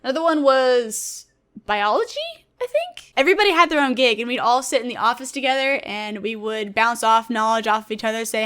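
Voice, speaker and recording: Brisk and a little high-pitched, this twenty-something gaming streamer and YouTuber excitedly recounts her old jobs in a casual vlog. She's talkative and tells her stories with lots of animation.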